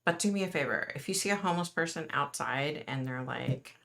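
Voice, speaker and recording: Chatty middle-aged woman with a bright voice. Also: low voice, a little fast, creaky. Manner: chatty, earnest, reads and answers viewer comments. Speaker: livestream host. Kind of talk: casual livestream chat with viewers.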